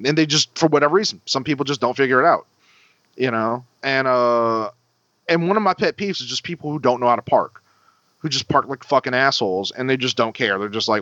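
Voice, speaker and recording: Profane, animated man telling a story. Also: medium pitch, a little fast, no echo, highs cut off. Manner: animated, profane, voice shoots up when quoting himself. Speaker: podcast co-host. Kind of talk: casual storytelling.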